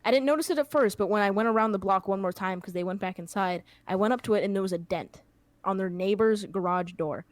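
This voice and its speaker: A woman's voice: mid-range voice, quick pace, dry recording. A young woman hosting a podcast, telling a long anecdote in a casual, rambling way with plenty of fillers. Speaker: podcast host. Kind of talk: casual storytelling chat.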